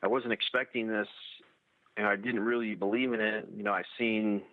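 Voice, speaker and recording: Man, halting and full of restarts, dry tinny audio. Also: fairly low pitch, fairly even intonation, dry recording. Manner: halting, many restarts and fillers. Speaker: eyewitness telling an encounter. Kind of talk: first-person storytelling.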